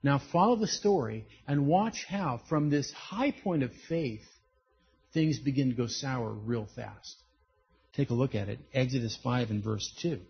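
A man's voice: mid-range voice, a little slow, vocal fry, breathy edge. A man preaching a sermon, telling stories and acting out the voices in them. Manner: animated storytelling, acts out quoted voices. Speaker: pastor. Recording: dull lo-fi recording.

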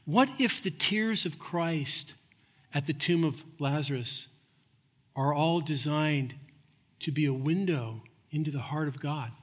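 A man preaching a sermon, emphatic, repeating phrases and swinging between loud and hushed. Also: fairly high pitch, takes it slowly, long reverb tail. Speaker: pastor.

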